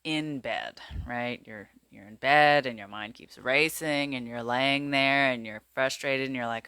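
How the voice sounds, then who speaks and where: A man's voice: medium pitch, measured pace, few pauses, bright, forceful tone, clear, resonant tone, no echo. A man vlogging casually to camera about wellness, rambling with lots of fillers and checking his notes. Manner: rambling, filler-heavy, chatty; glances at notes while talking.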